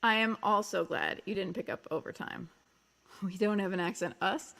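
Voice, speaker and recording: A woman's voice: medium pitch, moderate pace, creaky, fairly bright tone. Chatty Long Island woman streaming. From Long Island, New York. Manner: chatty, jokey, reads out viewer comments. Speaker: musician hosting a livestream. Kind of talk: casual livestream chat.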